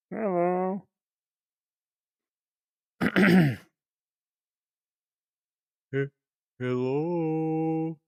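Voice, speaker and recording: A man's voice: fairly high pitch, smooth, no echo. A man streaming a game and chatting playfully with his viewers, calling them folks. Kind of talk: casual game-streaming chat.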